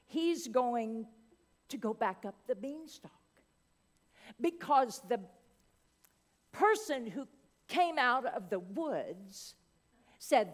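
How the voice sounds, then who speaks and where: Woman preacher telling a story, slow with long pauses, higher voice, big church echo. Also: fairly bright tone. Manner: dramatic, with long pauses and asides. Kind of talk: sermon storytelling. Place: church hall. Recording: long church-hall reverb.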